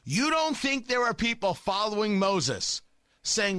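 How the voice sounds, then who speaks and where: A man's voice: high voice, big pitch swings, unhurried, bright, forceful tone, smooth, no echo. A man delivering a sarcastic, combative opinion monologue as a talk show host.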